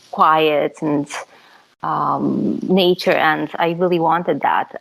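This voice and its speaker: A young woman from Romania, a photographer talking as a guest in a relaxed, chatty way, with fillers and easy laughs. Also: low-pitched, creaky, poor audio. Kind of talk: casual interview chat.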